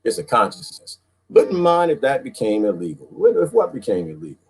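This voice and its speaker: A man's voice: mid-range voice, wildly swooping pitch, a little fast, darkish tone, slightly rough. A man from the Washington, D.C. area hosting a casual livestream, greeting viewers by name and switching voices playfully. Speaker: livestream host reading viewer comments.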